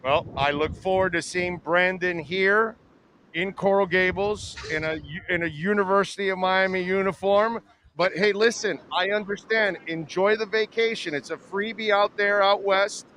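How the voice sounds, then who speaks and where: A sports radio host with a high, bright, forceful voice speaks at normal speed with fairly even intonation. He's hosting a live show outdoors outside a cigar bar in strong wind, talking through a face mask while bantering with and teasing his guest. Faint wind and outdoor noise can be heard.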